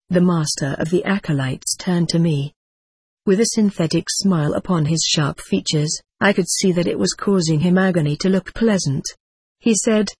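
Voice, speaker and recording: A woman reads a first-person story in a measured, even way. Her voice sits on the low side with a husky edge, and the recording is close and dry. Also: no room sound. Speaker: narrator. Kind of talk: first-person audiobook narration.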